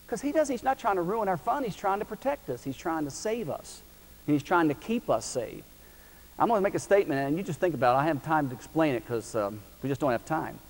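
A middle-aged man preaching a sermon, telling a family story in a folksy, animated way that swings from loud preaching to hushed, quiet telling. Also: fairly high pitch, brisk. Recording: reverberant hall with faint hiss.

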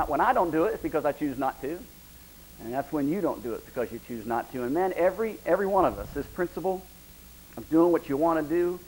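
A man's voice: on the high side, a little hiss or hum, rough recording. A middle-aged man, preaching a sermon in an emphatic, conversational way with frequent restarts.

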